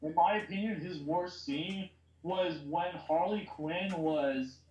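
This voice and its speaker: A man's voice: fairly high pitch, a little slow, darkish tone. A man hosting a podcast in casual movie chat, agreeable and laid-back, bantering with his co-host. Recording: dull, roomy recording.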